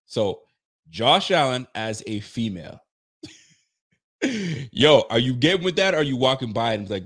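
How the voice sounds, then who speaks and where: A man's voice: mid-range voice, big pitch swings, a little slow, long pauses, fairly bright tone, husky. A man hosting a casual sports podcast, joking and laughing as he riffs with his chat in slangy talk. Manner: talks to a live chat and audience. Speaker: podcast host.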